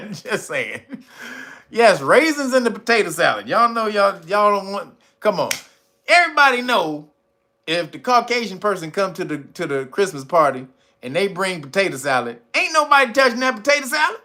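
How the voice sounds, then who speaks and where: A man's voice: high-pitched, very animated, normal speed, bright, forceful tone. A man hosting a casual commentary monologue, blunt and profane, laughing often. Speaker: channel host.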